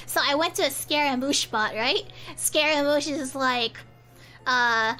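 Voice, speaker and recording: A young woman streaming and chatting casually, rambling and animated, with frequent laughter. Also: sits high, normal speed, soft background music. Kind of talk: casual chat.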